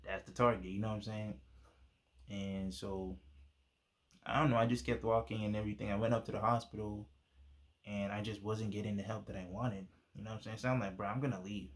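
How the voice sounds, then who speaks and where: A man's voice: lowish voice, fairly even intonation, a little fast. A young man casually telling a personal testimony, using laid-back slang and plenty of fillers. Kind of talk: casual storytelling.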